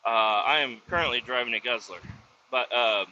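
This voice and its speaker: A man casually telling a rambling work story from inside his truck, profane and animated, acting out the people he quotes. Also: medium pitch, moderate pace, muffled recording, a little hiss or hum. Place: inside a pickup truck with windows down.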